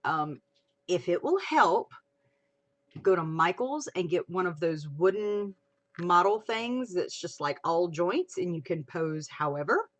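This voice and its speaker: A woman hosting a casual livestream chat, chatty and expressive, swearing casually. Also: lowish voice, unhurried. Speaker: livestream host. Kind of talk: casual chat about fan fiction.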